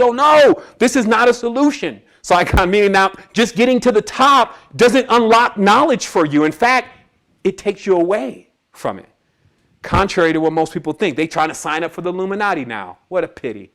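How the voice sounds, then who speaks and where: A man's voice: high-pitched, a bit bright. A man giving a casual, streetwise talk to an audience, telling a personal story and acting out the people in it. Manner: casual and streetwise, acts out quoted voices. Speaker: spiritual presenter.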